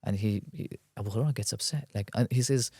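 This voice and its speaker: A man, a guest scholar, explaining at length in a podcast discussion, quick and animated, weaving in Arabic terms. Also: lowish voice, breathy edge, dry recording, clean studio sound.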